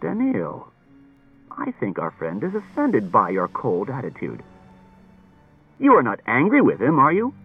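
A man voicing a hard-nosed male police detective who talks brisk and needling, heard through a tinny old radio broadcast. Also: mid-range voice, huge pitch swings, husky, soft background music, heavily acted.

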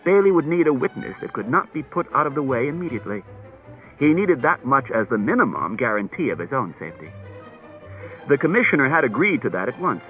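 A man narrating an audiobook in an expressive, varied reading style. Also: mid-range voice, brisk. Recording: tinny narrow-band cassette tape, faint music.

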